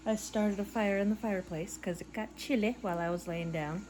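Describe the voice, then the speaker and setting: A middle-aged woman chats while she crochets in her living room at home. She rambles, sounds tired and lets out soft laughs, in a voice of middling pitch. Faint background audio plays under her. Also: fairly quick, background noise. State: tired and yawning. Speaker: crochet vlogger. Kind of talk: casual chat while crocheting. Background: faint background audio playing.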